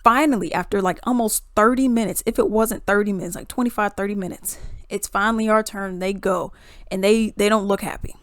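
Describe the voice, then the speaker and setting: Animated woman telling a storytime tale. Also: medium pitch, a little fast, dry recording, clean studio sound. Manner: animated, exclamatory, chatty. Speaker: storytime vlogger. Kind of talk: casual storytelling.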